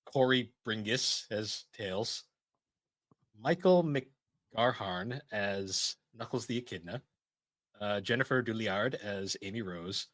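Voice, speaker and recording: A man's voice: on the low side, slow, a bit bright, no echo. A man co-hosting a casual podcast, joking and laughing mid-sentence as he talks. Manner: jokey, laughs mid-sentence, acts out quotes. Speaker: podcast co-host.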